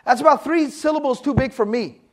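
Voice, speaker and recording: A man from Texas with a Texan accent, lecturing a class on Quranic Arabic terms in a joking, lively way that quizzes his listeners. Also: very high-pitched, brisk. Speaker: Islamic studies teacher.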